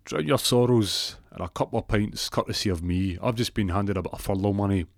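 A man's voice: on the low side, a little fast, creaky, dry recording, studio quality. A man doing a pushy Scottish pub hustler. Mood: coaxing. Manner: pushy, wheedling, boastful. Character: brash, smooth-talking middle-aged male pub hustler.

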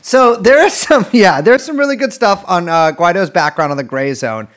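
A man's voice: high-pitched, animated, normal speed, a bit bright. A man co-hosting a casual political podcast, joking around, swearing freely and often restarting his sentences. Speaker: podcast co-host.

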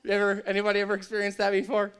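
High, bright-voiced male preacher. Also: monotone, rapid-fire, clean tone. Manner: conversational, joking, emphatic. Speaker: pastor. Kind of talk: sermon.

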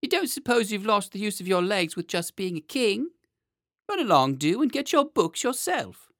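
A man voicing a bossy palace nurse who scolds in a high voice. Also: very animated, a bit bright, no room sound, studio quality, heavily acted. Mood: scolding. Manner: scolding, brisk.

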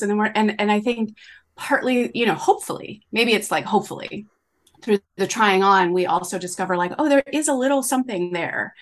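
A middle-aged woman, a coach talking as a podcast guest in an animated, rambling way, full of "like" and "you know". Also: medium pitch, fairly quick. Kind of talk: conversational interview.

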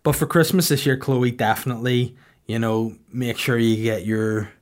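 A man in his thirties with a Northern Irish accent, hosting a podcast with crude, deadpan comic storytelling. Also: medium pitch, normal speed. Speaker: podcast host. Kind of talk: casual comedic podcast chat.

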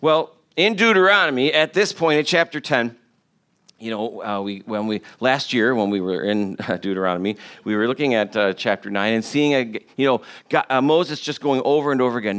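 A man's voice: medium pitch, lively intonation, brisk, a bit bright. A man preaching a sermon to a congregation. He talks in a conversational way, jokes with the listeners and repeats words for emphasis. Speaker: pastor.

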